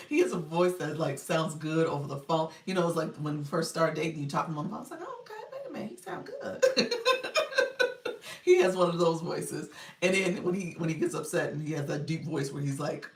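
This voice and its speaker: A low, gravelly-voiced woman talks through a casual live stream, chatting with viewers and laughing easily. She sits back from the mic in an echoey room at home, so the sound is distant and roomy. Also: fairly even intonation, fairly quick, darkish tone. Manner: chatty, laughs often, reads viewer comments aloud. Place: room at home, child heard in background. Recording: roomy livestream audio from off-mic.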